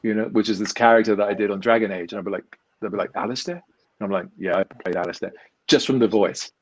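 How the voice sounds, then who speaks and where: A middle-aged man with a slightly low voice and an English accent that has picked up a hint of Canadian. He talks loosely and tells stories, often stopping to restart a sentence. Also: fairly even intonation, very fast, slight background noise, low-quality recording. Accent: English, drifting toward Canadian. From England. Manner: chatty storyteller with frequent restarts. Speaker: magician and actor guest. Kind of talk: casual chat.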